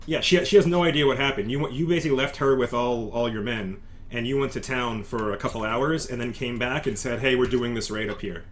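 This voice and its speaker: A man's voice: medium pitch, a little fast, slight background noise. A man narrating as game master in a loose, chatty way, full of fillers and restarts.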